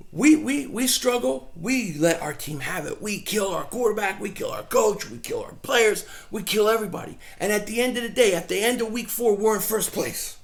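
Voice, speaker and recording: A middle-aged man rambles through an animated outdoor vlog rant. His voice sits high and carries a rough, gravelly edge. He tells his stories casually and slips into mocking impressions of other people. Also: normal speed, few pauses. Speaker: fan vlogger.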